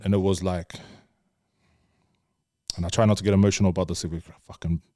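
A man's voice: sits low, level tone, quick pace, dark tone, no room sound, clean studio sound. Blunt, swearing young New man. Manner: swears a lot, says bro constantly. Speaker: podcast guest. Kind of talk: candid casual storytelling.

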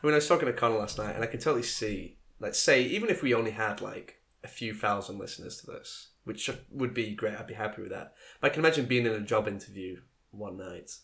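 A man's voice: lowish voice, fast, vocal fry, few pauses, fairly bright tone. A young man from England with a nasal voice, hosting a casual comedic podcast and laughing as he jokes. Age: young adult. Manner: playful, laughing, bouncing into silly voices. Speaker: podcast host.

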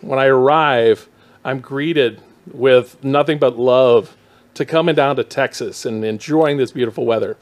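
A man's voice: mid-range voice, measured pace. Enthusiastic man, a podcast guest. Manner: enthusiastic, laughs often. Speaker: guest promoting an event. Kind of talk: casual chat. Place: small podcast studio.

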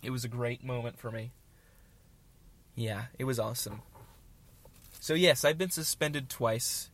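A man's voice: mid-range voice, unhurried, a bit bright. A young man hosting his own show, telling a rambling, self-mocking story in casual chat with jokey asides. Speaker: podcast host.

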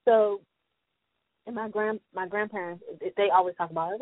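A woman's voice: mid-range voice, steady tone, brisk, no echo. A woman guest in a casual chat about parenting, talking with energy and acting out quoted voices in slang. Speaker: podcast guest. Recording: tinny phone-like sound, dry.

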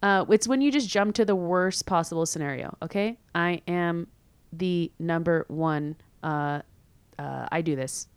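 A young woman hosting a podcast, talking casually and candidly with many fillers and quick laughs. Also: fairly low pitch, clear, resonant tone, dry recording. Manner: chatty, filler-heavy, candid, laughs easily. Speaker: podcast host. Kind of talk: casual solo podcast chat.

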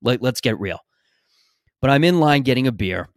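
A man's voice: medium pitch, animated, moderate pace, no room sound, clean studio sound. A man hosting a podcast in a casual, rambling, opinionated monologue, swearing freely. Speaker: podcast host.

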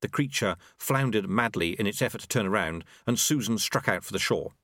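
A man reading a novel aloud, voicing the characters' lines by shifting his pitch. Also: lively intonation, a little fast, a bit bright, no echo, studio quality. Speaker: audiobook narrator. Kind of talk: novel narration with character voices.

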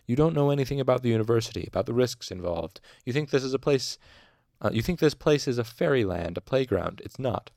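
A man voicing an eccentric male university master who speaks gently to a patient and curtly to a student. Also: mid-range voice, lively intonation, fast, no room sound, clean studio sound, pitched above the performer's own voice, close to an everyday voice. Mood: sharp lecturing. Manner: soft and gentle, then curt and lecturing.

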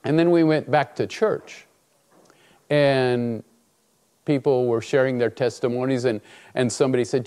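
Male preacher with a warm, mellow voice who tells stories in a sermon and acts out the dialogue. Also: medium pitch, a little slow, long pauses. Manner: animated storytelling, acts out dialogue. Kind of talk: sermon with personal story.

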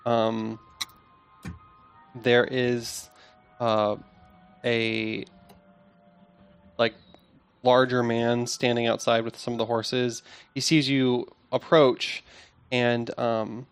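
A man's voice: medium pitch, little pitch movement, very slow, pauses often, clean tone, faint music behind. A man narrating as game master of a tabletop game, loose and full of fillers.

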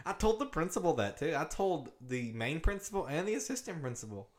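A man's voice: on the high side, sing-song, brisk. A young man co-hosting a podcast, joking and teasing in casual chat. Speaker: podcast co-host.

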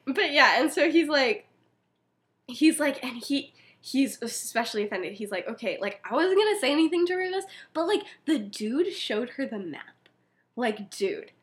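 A woman's voice: high-pitched, animated, moderate pace. A young woman co-hosting a podcast, casually retelling a story and acting out its characters' lines with lots of laughter. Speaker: podcast co-host.

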